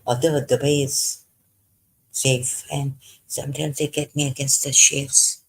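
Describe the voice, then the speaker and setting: A frightened vlogger, telling a personal story in a hesitant, halting way full of pauses and false starts. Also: mid-range voice, little pitch movement, breathy edge, poor audio. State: frightened, unsettled. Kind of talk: personal confessional monologue.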